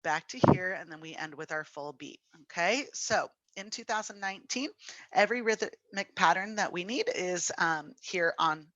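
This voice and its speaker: Bright-voiced woman teaching a music lesson. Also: fairly low pitch, normal speed, dry recording. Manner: chatty, casual, sings rhythms on syllables. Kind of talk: online lesson with sung rhythm examples.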